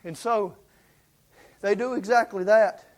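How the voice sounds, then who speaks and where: A man preaching a sermon in a folksy, excitable storytelling way, with many fillers, acting out the lines of the people in the story. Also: sits high, a little slow.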